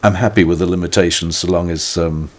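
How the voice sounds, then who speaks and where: A low-pitched older British man speaks a little fast with fairly even intonation. Being interviewed as a musician, he reflects thoughtfully in conversation, mocking himself wryly and often starting sentences over.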